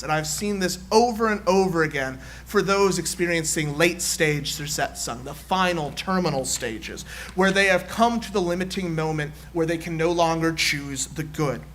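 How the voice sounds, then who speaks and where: A man's voice: sits high, slight background noise. A man preaching a sermon in a church, in rhythmic, repetitive oratory. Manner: builds to shouted call-and-response chant. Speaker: guest preacher. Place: church sanctuary.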